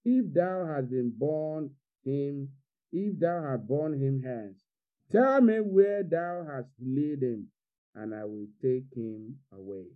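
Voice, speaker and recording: A man's voice: mid-range voice, lively intonation, slow. A preacher voicing a grieving, determined woman pleading at a tomb, over lo-fi online audio. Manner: pleading, insistent.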